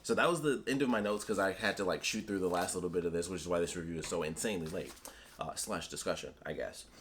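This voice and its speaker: Rambling man reviewing comics, low voice. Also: fast, a little hiss or hum. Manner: rambling, animated, acts out characters' lines. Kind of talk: casual solo review chat.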